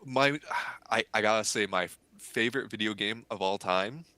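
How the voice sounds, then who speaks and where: A man telling a story in a casual podcast interview, excitable and animated, acting out the quotes. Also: on the low side, normal speed. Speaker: podcast guest, cosplayer.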